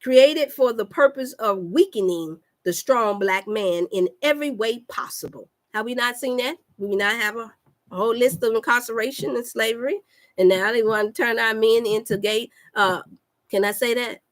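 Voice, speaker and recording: A woman's voice: on the high side, moderate pace. A woman health coach giving a fervent, preacher-like talk on a livestream. She repeats lines for emphasis and calls out to her listeners.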